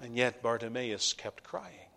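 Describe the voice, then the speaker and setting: A man preaching a sermon, swinging from hushed whispers to loud, fervent climaxes with slow, deliberate phrasing. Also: medium pitch, expressive, creaky.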